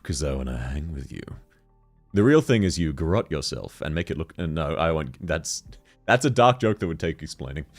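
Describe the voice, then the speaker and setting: A young man chatting casually on a game livestream, joking, laughing often and reading chat messages aloud. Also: on the low side. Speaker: streamer.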